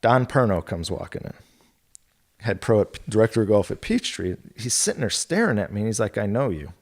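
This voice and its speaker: A man's voice: on the low side, sing-song, brisk, creaky, darkish tone. A middle-aged man telling rambling golf anecdotes in casual podcast talk, quoting others and laughing as he goes. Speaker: golf club territory manager guest.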